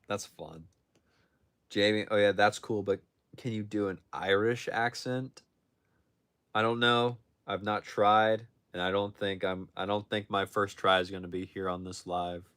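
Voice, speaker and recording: A man's voice: fairly low pitch, flat delivery, moderate pace, a bit bright, smooth. Rambling young man on a phone livestream. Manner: rambling, with frequent restarts and self-corrections. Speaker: livestream host answering chat. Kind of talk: casual livestream chat.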